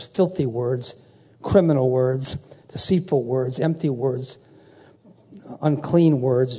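Husky-voiced male preacher, dark tone. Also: medium pitch. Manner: call-and-response preaching, quizzing the audience. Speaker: pastor. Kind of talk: sermon.

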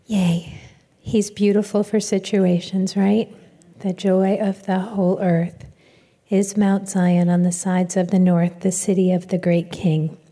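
A woman introduces the next speaker at a church women's seminar, speaking with fond affection. Her voice is mellow and soft-toned. It rings out through a reverberant hall. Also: mid-range voice, flat delivery, a little slow. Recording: echoey hall.

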